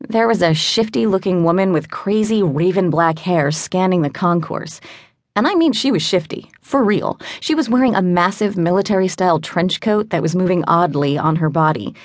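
A woman narrating a novel in first person with a wry, chatty and lively delivery into a studio microphone. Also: on the low side, normal speed, dry recording. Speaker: audiobook narrator.

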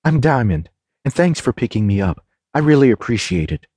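A man's voice: sing-song, a little fast, dark tone, no room sound, studio quality. A man voicing a frantic young woman. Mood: nervous. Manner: pleading, high-strung. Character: frightened, hysterical young woman on the run.

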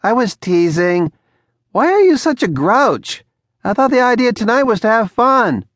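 A male narrator voicing a playful, sharp-tongued young woman in an audiobook, with quick, teasing comebacks. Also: very high-pitched, big pitch swings, no room sound, clean studio sound, voice pushed up, heavily acted.

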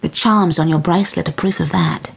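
A woman voicing a calm, kind elderly grandmother in an audiobook, speaking softly and gently, almost in a whisper. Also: fairly low pitch, a little fast, vocal fry, husky, exaggerated voice. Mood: gentle. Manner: soft, gentle, half-whispered.

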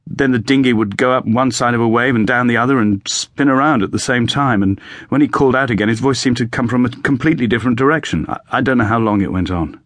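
A man's voice: mid-range voice, fast, few pauses, a bit bright, no room sound, natural voice. A man voicing a shaken young RAF bomber pilot recounting a crash, with clipped airman's slang. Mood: grim recollection.

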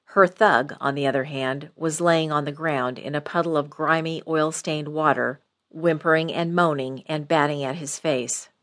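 Low-voiced woman narrating an audiobook. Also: fairly even intonation, normal speed, a bit bright. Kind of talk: first-person thriller narration.

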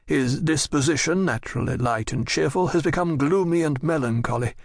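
A man's voice: on the high side, fairly quick, gravelly, no echo, clean studio sound. A man voicing a dignified older nobleman and father who pleads in courtly, earnest speech in an audiobook. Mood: pleading.

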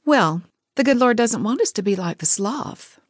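A woman voicing an impatient, spirited petite young woman who speaks high and indignant. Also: lively intonation, normal speed, no echo, studio quality.

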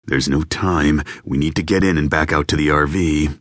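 A man's voice: rumbling low, steady tone, moderate pace, a bit bright, no echo. A man voicing a grieving father, a terse male survivor, in an audiobook. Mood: urgent. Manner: terse, urgent. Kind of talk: audiobook character voice.

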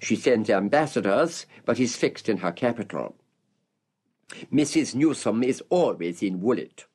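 Male audiobook narrator, measured and expressive, lively intonation, mid pitch. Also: slightly rough. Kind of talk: scripted narration of a literary introduction.

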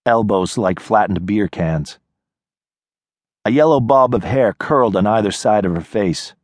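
Male audiobook narrator, low voice, very slow and measured, dry close-mic studio sound. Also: expressive, darkish tone, no echo. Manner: measured, unhurried storytelling. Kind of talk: scripted narration.

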